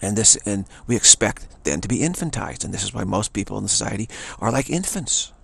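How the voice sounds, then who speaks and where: A man giving a rambling spiritual talk, digressive and halting, restarting his sentences often. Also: fairly low pitch, animated, creaky, fairly bright tone, breathy edge. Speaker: spiritual teacher. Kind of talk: rambling spoken monologue.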